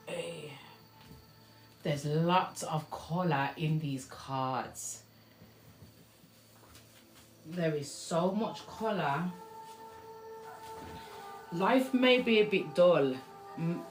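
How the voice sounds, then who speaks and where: A woman with a fairly low voice does a live tarot reading for her viewers. She talks bluntly and with emphasis, swears freely and calls out to people in the chat. Soft music plays behind her. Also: slow, pauses often. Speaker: tarot card reader. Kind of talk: live-streamed card reading.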